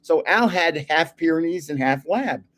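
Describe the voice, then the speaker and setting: An older man, a grandfather hosting his own channel, chatting casually and telling rambling stories with plenty of pauses. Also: a little high, animated, fairly bright tone. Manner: rambling storyteller with fillers. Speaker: host of a card channel. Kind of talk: casual livestream chat.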